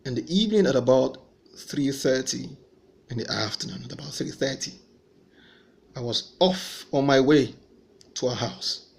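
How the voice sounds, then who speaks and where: A man's voice: mid-range voice, normal speed, vocal fry, pauses often. A man giving an earnest personal faith testimony, telling his story and voicing remembered dialogue.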